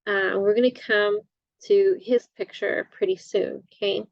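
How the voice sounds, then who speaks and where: A woman instructor giving a recorded lecture, halting often with fillers and correcting herself as she goes. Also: mid-range voice, fairly even intonation, gravelly, no room sound, highs cut off.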